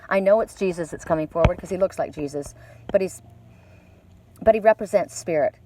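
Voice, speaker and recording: A woman giving an oracle card reading outdoors by the water, talking excitedly and breaking into gasps and exclamations. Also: on the low side, brisk, noisy background.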